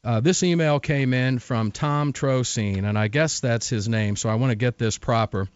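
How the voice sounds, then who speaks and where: A man's voice: medium pitch, moderate pace, clear, resonant tone, no room sound. Emphatic male radio talk host, muffled sound. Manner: emphatic, conversational, repeats phrases for stress. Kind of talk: radio talk show hosting.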